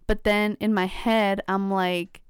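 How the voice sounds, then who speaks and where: Young woman, college age, casual and chatty, crisp clear voice, dry close sound. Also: mid-range voice, flat delivery, slow pace, dry recording. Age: young adult. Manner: chatty, many fillers, acts out quoted dialogue. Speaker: college student. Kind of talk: casual chat.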